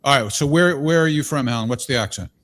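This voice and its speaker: A man's voice: medium pitch, fast, fairly bright tone. A man hosting a call-in talk show, chatty and easygoing with a bemused streak. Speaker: host. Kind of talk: casual talk show chat.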